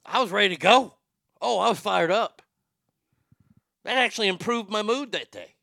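A man's voice: sits high, normal speed, gravelly, sharp tone, dry recording, clean studio sound. A man hosting a talk show, ranting profanely as he tells fired-up stories. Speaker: radio show host.

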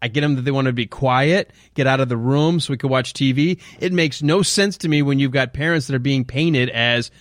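A man's voice: mid-range voice, a little fast, few pauses, no echo. Chatty guy on a film podcast, does little mock voices, dry close mic. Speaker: podcast co-host. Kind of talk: casual film discussion.

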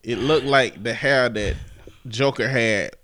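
A man's voice: medium pitch, slow, fairly bright tone, a little hiss or hum. A man co-hosting a casual chat, playful and teasing, drawing jokey comparisons. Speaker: podcast co-host.

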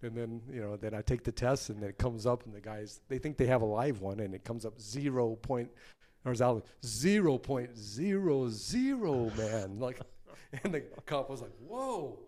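A man's voice: mid-range voice, a little fast, a little hiss or hum. Man telling road stories animatedly. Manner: animated anecdotes, acting out quoted voices. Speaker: guest, touring band member. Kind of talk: casual storytelling.

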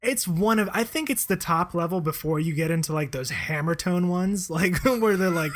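Rambling, laid-back man with a slightly high voice. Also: moderate pace. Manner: relaxed, rambling, with many fillers and laughs. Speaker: podcast co-host. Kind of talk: casual chat.

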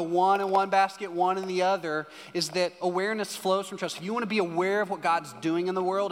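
A man preaching a sermon as a pastor, telling a story with lively acted-out dialogue. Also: high voice. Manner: animated storytelling, acting out dialogue. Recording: hall reverb with faint music.

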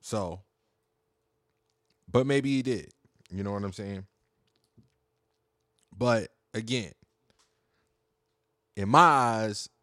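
Heated, profane low-voiced man. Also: a bit bright, dry recording, studio quality. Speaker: podcast host. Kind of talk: casual monologue podcast.

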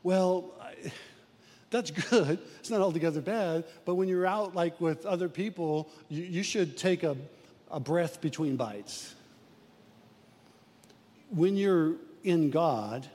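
High-voiced older man preaching a sermon. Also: unhurried, darkish tone, long reverb tail. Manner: folksy, storytelling, repeats words. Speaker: pastor.

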